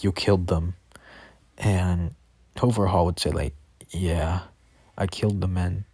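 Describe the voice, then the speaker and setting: A man's voice: low voice, darkish tone, husky, no echo. A man telling a made-up fan story off the cuff, rambling with lots of fillers and correcting himself as he goes, on a computer voice-chat mic. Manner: rambling, filler-heavy, frequent self-corrections. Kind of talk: improvised fan-fiction narration.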